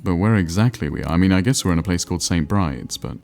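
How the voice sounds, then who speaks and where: Deep creaky guy rambling to his stream chat, kinda self-deprecating, faint music behind. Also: animated, fast, a little mellow. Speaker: livestreamer. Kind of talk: casual livestream chat while playing a geography game.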